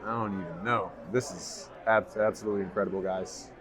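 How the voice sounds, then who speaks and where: A man's voice: sits low, steady tone, brisk. A man vlogging a food review in a restaurant, enthusiastic and raving about each bite. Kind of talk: casual food review to camera. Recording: busy restaurant crowd behind. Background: restaurant crowd chatter.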